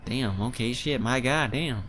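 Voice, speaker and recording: A man's voice: on the low side, steady tone, normal speed, slight background noise. A man casually playing a story game, reading its text aloud and commenting with swearing and stammered restarts.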